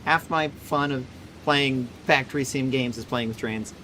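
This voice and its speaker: A VTuber streamer giving live gameplay commentary, excitable and swearing while talking to themselves. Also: medium pitch, moderate pace, a little hiss or hum. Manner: excitable, swears, talks to self while playing.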